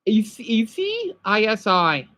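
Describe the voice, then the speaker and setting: A man's voice: high voice, huge pitch swings, a little slow, sharp tone, no echo. A man streaming live and chatting casually with viewers, rambling, correcting himself and slipping in French phrases. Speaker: livestreamer answering viewers.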